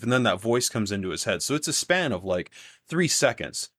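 Male game master, low voice, loose rambling narration, dry close mic. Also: very animated, a little fast, fairly bright tone, dry recording. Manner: casual, rambling with restarts and fillers.

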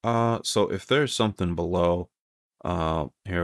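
Male player, very low voice, dry sound, thinks aloud. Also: unhurried, no room sound. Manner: thoughtful, rambling. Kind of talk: casual tabletop play.

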